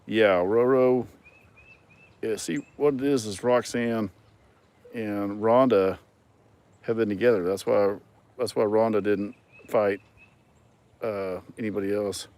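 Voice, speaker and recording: A man's voice: on the low side, fairly even intonation, slow pace, pauses often, a little mellow. A man hosting a casual livestream, reading viewer comments and talking in a rambling way with many ums and some dry sarcasm. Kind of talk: casual chat.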